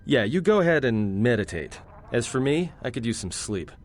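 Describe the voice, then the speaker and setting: A man's voice: mid-range voice, sing-song, normal speed, natural voice. A man voicing a wry, restless young male spacer who talks with sarcasm.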